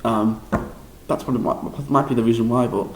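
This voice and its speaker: A young man with a Liverpool accent, recapping a drama school audition in a rambling, excitable, self-deprecating way with lots of restarts. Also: mid-range voice, brisk, creaky, reverberant, low-quality recording. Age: young adult. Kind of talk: casual vlog recap.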